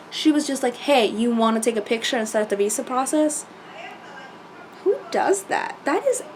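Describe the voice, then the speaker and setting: A woman chatting casually as she recaps a reality show, animated and full of fillers and quoted asides. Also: a little high, slight background noise.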